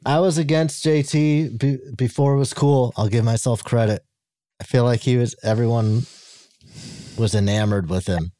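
A man's voice: medium pitch, normal speed, mellow, no room sound, clean studio sound. A man co-hosting a comedy podcast, wry and easygoing as he counts down a chart. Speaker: podcast co-host. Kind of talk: casual podcast banter.

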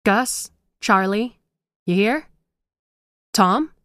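A woman voicing a terrified woman who pleads in a high, loud voice. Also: expressive, very slow, dry recording, studio quality, exaggerated voice. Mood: nervous calling. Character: terrified woman dragged by a ghost.

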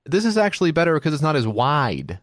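A man's voice: a little high, huge pitch swings, fairly quick, dry recording, studio quality. A middle-aged man co-hosting a podcast, rambling through stories and acting out quoted voices in casual chat. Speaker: podcast co-host.

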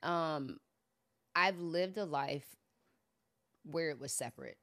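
A woman's voice: deep voice, slow pace, fairly bright tone. A woman hosting a casual faith conversation, telling stories with animation and acting out her own past pleas. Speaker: podcast host.

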